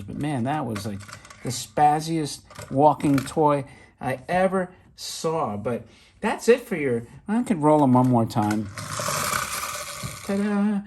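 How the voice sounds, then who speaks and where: A middle-aged man casually showing off vintage toys, chatty and excitable with rambling asides. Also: a little high, slight background noise. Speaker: toy collector vlogger. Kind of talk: casual show-and-tell.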